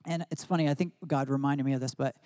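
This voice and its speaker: Middle-aged man, pastor, sermon, reflective and soft in prayerful parts, mellow voice, dry close sound. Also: mid-range voice, fairly even intonation, no echo. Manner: reflective, slows and softens in devotional passages.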